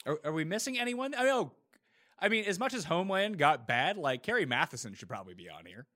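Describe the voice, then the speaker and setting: A man's voice: on the high side, very animated, quick pace, a bit bright. A man hosting a casual podcast debate, blunt and opinionated about TV shows. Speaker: podcast host.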